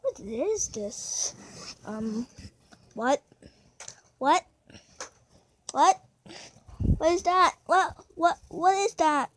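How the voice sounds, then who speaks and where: A woman's voice: high voice, animated, very slow, long pauses. A young woman talking casually as she reacts to a video, bewildered and exclaiming, with frequent laughs.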